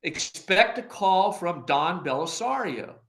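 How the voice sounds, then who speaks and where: An older man, formerly an agency director, is a podcast guest recalling his career at a slow pace in an easygoing interview. His voice is fairly high for a man and comes across bright and forceful; he mimics the people he quotes and laughs often as he tells his anecdotes.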